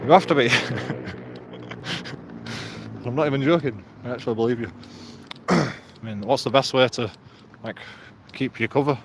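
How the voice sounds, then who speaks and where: A man with a mid-range voice speaks at normal speed, pausing often, as he walks and talks for his vlog on city streets at night. He's chatty, joking, laughs a lot and is slightly breathless, with lots of street noise around him.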